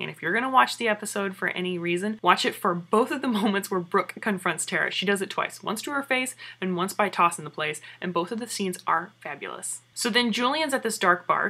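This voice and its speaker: A woman giving a chatty, excited recap of a TV episode and asking her viewers questions. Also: medium pitch.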